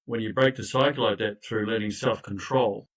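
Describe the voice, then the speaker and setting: A man's voice: lowish voice, fairly even intonation, moderate pace, low-quality recording. An older man, a recovery coach telling his own story in an earnest, emphatic way with frequent restarts and asides. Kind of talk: personal storytelling in conversation.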